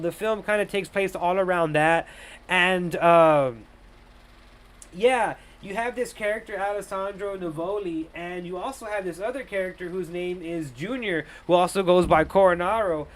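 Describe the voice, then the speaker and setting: High-voiced male reviewer, rambling and swearing in a live review, smooth clear voice. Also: fairly bright tone. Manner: rambling, profane, filler-heavy. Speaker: movie reviewer. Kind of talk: casual live movie review.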